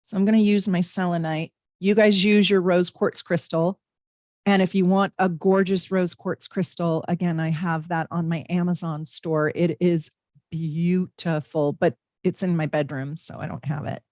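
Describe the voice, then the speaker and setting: This middle-aged astrologer and tarot reader talks chattily to her livestream viewers during a casual home reading, sprinkling in warm asides and frequent fillers. Her voice is on the low side, fairly even in intonation, at normal speed. The recording is dry and clean, studio sound.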